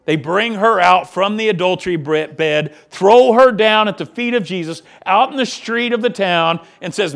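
A man preaching a sermon as pastor, with impassioned delivery that swings between loud and hushed. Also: high voice, normal speed, hardly any pauses.

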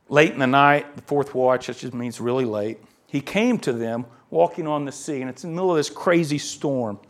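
A male pastor delivers a sermon in a high, light voice. He is animated and dramatic, acting out the people in the scripture he reads and moving from hushed asides to loud emphatic lines. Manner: animated preaching, acts out quoted voices, swings from soft asides to loud emphasis.

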